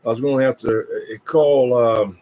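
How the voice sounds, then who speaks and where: Man running a CB radio net, mid-pitched, halting and filler-heavy. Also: fairly even intonation, mellow, poor audio. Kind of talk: casual radio net chatter.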